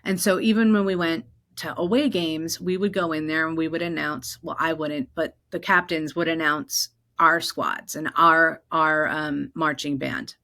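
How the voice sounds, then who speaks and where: A woman from New Jersey hosting her own podcast, telling personal stories in an animated way and acting out the voices of the people in them. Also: low voice, measured pace. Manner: animated, acts out quoted voices. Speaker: podcast host. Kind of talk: personal storytelling.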